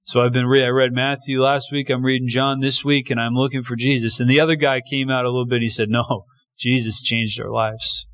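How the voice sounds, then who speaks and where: A man's voice: mid-range voice, level tone, quick pace, hardly any pauses, a bit bright. A man preaching a sermon in a conversational way, often restarting lines and acting out short quotes. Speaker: pastor.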